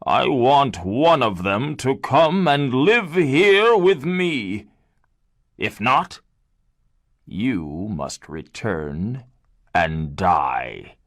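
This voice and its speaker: A man voicing an angry male beast in a read-aloud storybook, loud, slow and threatening. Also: sits low, vocal fry, no echo, clean studio sound, exaggerated voice.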